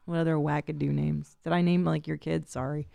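Gravelly-voiced chatty woman podcast host. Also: low-pitched, level tone, a little fast, mellow, dry recording. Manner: chatty, self-deprecating, rambling. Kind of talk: casual comedic monologue.

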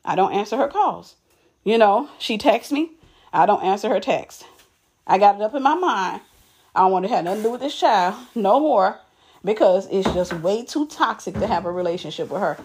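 A woman's voice: mid-range voice, expressive, normal speed, a little mellow, husky. A woman telling a personal story straight to the camera in a casual, emphatic way, often restarting and repeating words. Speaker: vlogger.

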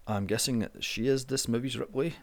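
A man's voice: mid-range voice, steady tone, normal speed. A man narrating a casual movie review in a sarcastic, sweary way.

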